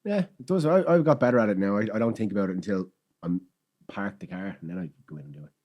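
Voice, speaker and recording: Quick, joking podcast host man. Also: fairly low pitch, expressive, darkish tone. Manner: jokey, quick to laugh along and chime in. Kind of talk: casual podcast chat.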